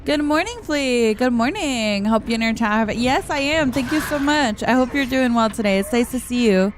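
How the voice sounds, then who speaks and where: A woman's voice: fairly high pitch, animated, normal speed, a little hiss or hum. A woman streamer casually chatting with her viewers while playing a game, laughing often and reading the chat aloud.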